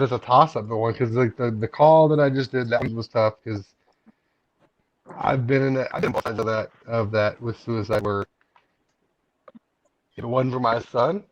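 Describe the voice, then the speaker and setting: A man with an ordinary middle pitch speaks candidly and earnestly as he hosts a casual live stream. His voice comes through a dull, lo-fi feed. A steady hiss of background noise sits under it. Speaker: livestream host. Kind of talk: casual chat.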